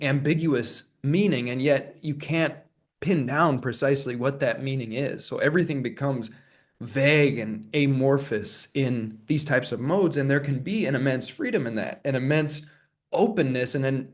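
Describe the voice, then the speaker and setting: A man talking alone in a reflective solo monologue, musing and searching, often restarting phrases and breaking into soft laughs. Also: medium pitch. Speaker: vlogger.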